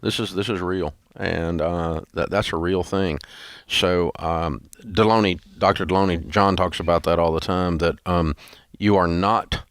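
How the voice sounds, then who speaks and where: A man's voice: deep voice, steady tone, a little slow, no echo, clean studio sound. A man hosting a radio talk show, chatting in a folksy, rambling way with lots of restarts. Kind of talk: casual on-air talk.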